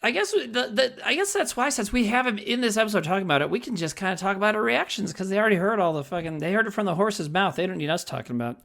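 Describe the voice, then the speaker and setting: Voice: medium pitch, animated, racing, creaky, few pauses, fairly bright tone. A podcast co-host in casual movie chat, rambling and profane with lots of fillers and jokes.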